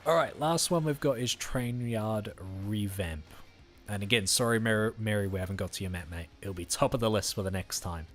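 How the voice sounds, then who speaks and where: A man's voice: lowish voice, fairly quick, fairly bright tone, soft background music. A tired man chatting casually with viewers while streaming a game, easygoing and friendly. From Australia. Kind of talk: casual live-stream chat.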